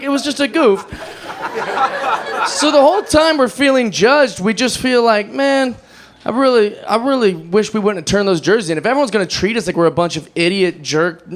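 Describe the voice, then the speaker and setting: A man doing stand-up, telling a rambling, self-mocking story with animated energy. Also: sits high. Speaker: stand-up comedian.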